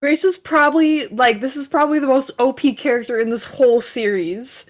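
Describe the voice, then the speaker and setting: Woman player, higher voice, gushing and emphatic. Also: brisk. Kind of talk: tabletop game play.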